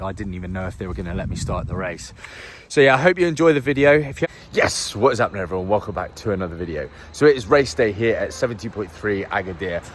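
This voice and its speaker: A young man with a lowish voice, chatting to the camera like he's telling mates a story. His talk is loose and lively, with a faint hiss of background noise behind him. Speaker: triathlete vlogger.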